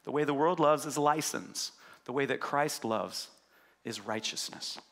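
A man preaching a sermon as pastor, swinging between loud urgent passages and quiet, low emphasis. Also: unhurried, creaky.

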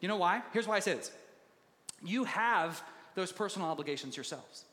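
A male pastor preaching a sermon in a conversational, animated way and laughing easily. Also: sits high, moderate pace, long reverb tail.

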